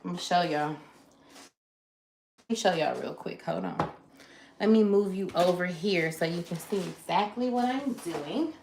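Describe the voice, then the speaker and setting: A woman's voice: lowish voice, a little slow, gravelly, pauses often, a little mellow, slight background noise. Chatty woman cooking live in an echoey kitchen. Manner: chatty, greets viewers by name, talks through each step. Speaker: livestream cooking host. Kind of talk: casual cook-along live chat. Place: home kitchen. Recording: roomy kitchen echo. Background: clatter of dishes and pans.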